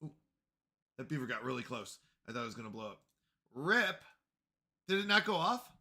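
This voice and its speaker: A man's voice: medium pitch, very animated, normal speed, sharp tone. A man livestreaming a game, talking casually to his chat in a flustered, apologetic way and repeating himself. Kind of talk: casual live gaming stream chat.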